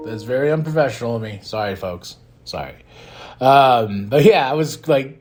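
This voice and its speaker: A man hosting a podcast, giving a casual, excitable and rambling recap of a wrestling show, often breaking into laughs. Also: mid-range voice, normal speed, soft background music. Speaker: podcast host.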